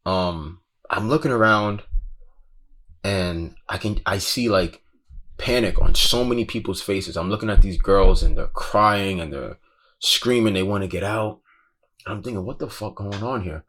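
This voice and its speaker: Male guest, lowish voice, casual profane storyteller, intense. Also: unhurried, a bit bright. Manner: profane, slangy, keeps saying "bro"; intense, breathless retelling. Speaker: guest recounting a festival crowd crush.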